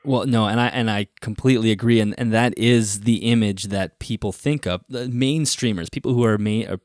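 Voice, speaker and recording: A man hosting a podcast, talking quickly and thoughtfully as he asks questions. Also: fairly low pitch, a little mellow, dry recording, studio quality. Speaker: podcast host. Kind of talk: casual podcast interview.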